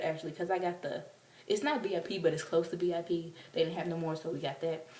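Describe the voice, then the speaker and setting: A young woman telling a story to camera in a casual, animated way, acting out quotes in squealing voices. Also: low-pitched, distant mic. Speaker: vlogger. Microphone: camera mic from a distance. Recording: roomy, off-mic, faint hiss.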